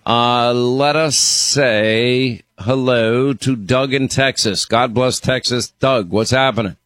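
A man from Long Island hosting a call-in radio show, taking callers in a brisk, chatty way. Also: medium pitch, fairly even intonation, fairly bright tone, no echo, clean studio sound, soft background music. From Long Island, New York. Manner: brisk, chatty, time-pressed. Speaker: radio talk show host.

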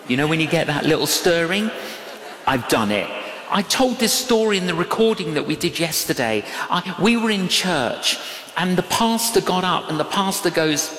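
A man preaching a sermon, telling stories in an animated way that swings from hushed to loud. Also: a little high, moderate pace. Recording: echoey hall with long reverb.

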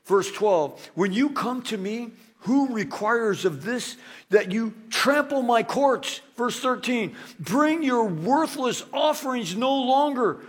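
A man preaching a sermon, reading scripture aloud and breaking into animated, dramatic asides. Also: very high voice, takes it slowly, slightly rough.

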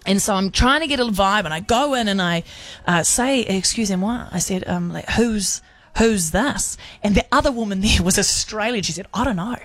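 A chatty woman co-host tells a lively story in a radio studio. Her voice sits in a middle pitch with a dry, close sound and no room echo. She drops in British slang and drawls out terms of endearment. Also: a little fast. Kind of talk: casual studio chat.

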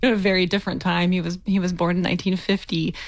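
A woman guest in a radio interview, speaking earnestly with soft laughs now and then. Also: fairly low pitch, flat delivery, quick pace.

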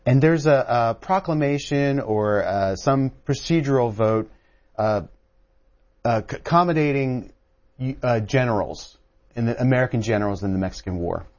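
A man who wrote a book, telling a story as a guest on a call-in radio show. He talks in an animated way and keeps restarting his sentences. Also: medium pitch, normal speed, lo-fi sound. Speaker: author guest.

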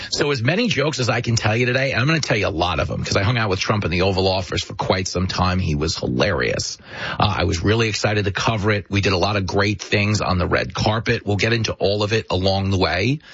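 Husky male host, lively delivery, mocking political commentary, dry dull studio sound. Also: fairly low pitch, dry recording. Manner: animated, mocking storyteller. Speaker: show host.

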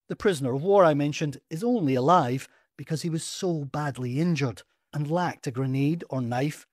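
A man delivers a serious news report at a steady, grave pace. His mid-pitched voice is dry and close, with no echo. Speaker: foreign correspondent. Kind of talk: scripted news report narration.

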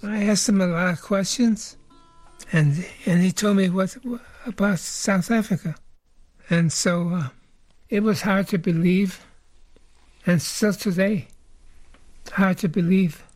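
An older man answering interview questions in a slow, hesitant way, with few words. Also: high-pitched, steady tone, a little mellow, dry recording. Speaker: musician interviewee.

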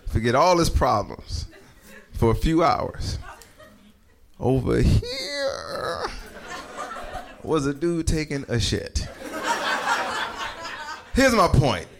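A man's voice: fairly high pitch, sing-song, slow pace, pauses often. A man doing a stand-up routine, telling a story with punchy repetition in a noisy live recording. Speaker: stand-up comedian.

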